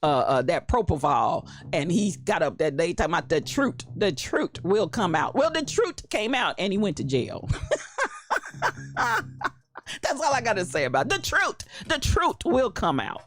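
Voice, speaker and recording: A woman hosting a casual livestream, greeting viewers by name in a playful, animated way with frequent laughter. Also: lowish voice, normal speed. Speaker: livestream host.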